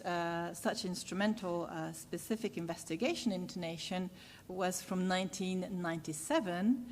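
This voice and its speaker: A woman's voice: on the low side, animated, a little hiss or hum. Woman lecturing in a reverberant hall. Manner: measured, with frequent "uh" pauses. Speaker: university lecturer. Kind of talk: academic lecture.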